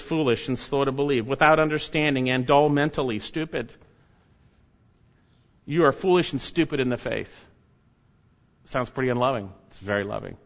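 A man preaching a sermon, stressing key words loudly and dropping to quiet, low asides. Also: lo-fi sound. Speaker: pastor.

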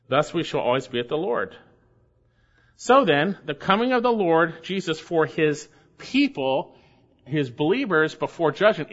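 On a dull lo-fi sermon recording, a man whose voice sits on the high side with a fairly bright tone preaches as pastor. His expository sermon moves verse by verse, and he stresses points emphatically by repeating key phrases.

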